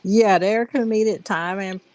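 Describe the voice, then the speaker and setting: Brief: woman co-host, mid-pitch, animated and chatty, casual film-review talk. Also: a little slow, a little hiss or hum. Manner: chatty, animated retelling with laughs. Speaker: movie review podcast co-host. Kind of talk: casual chat.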